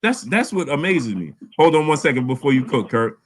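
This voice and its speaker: A man hosting a casual live boxing chat, animated, often repeating words. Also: mid-range voice, a little fast, breathy edge. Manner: animated, repeats words, reads super chats aloud. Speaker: boxing channel host.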